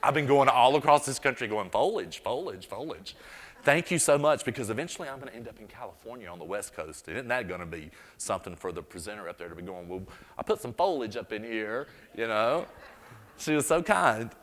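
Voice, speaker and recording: This North Carolina man, Southern accent and all, talks through a floral design demonstration before an audience in an event hall, chatting, telling stories and dropping folksy asides. His mid-range voice is expressive and quick, with a fairly bright tone. The recording has a big-room sound.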